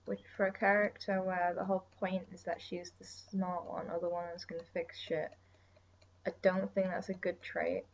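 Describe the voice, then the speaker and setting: A woman's voice: on the low side, flat delivery, moderate pace. Brief: young woman, drowsy and chatty, rambling drawing commentary, slightly dull mic with faint hiss. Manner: rambling, chatty, drifts into soft whispers and sighs. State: tired, yawning. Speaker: artist streaming her drawing.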